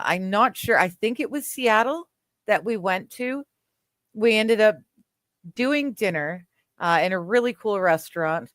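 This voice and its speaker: Chatty Canadian woman with a smooth voice. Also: fairly low pitch, fairly bright tone, no room sound, clean studio sound. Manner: chatty, laughs often, trails off with fillers. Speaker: livestream host. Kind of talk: casual chat reading viewer comments.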